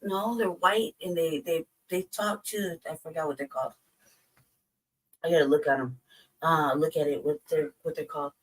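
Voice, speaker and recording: A woman chatting casually on a podcast, telling animated, profane stories and laughing often. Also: sits low, moderate pace, slightly rough, distant mic, rough recording. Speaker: podcast co-host. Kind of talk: casual storytelling chat.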